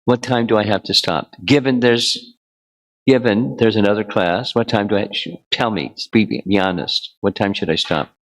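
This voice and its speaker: A man giving a devotional lecture as a spiritual teacher, relaxed and bantering with his audience. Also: fairly low pitch, normal speed, poor audio.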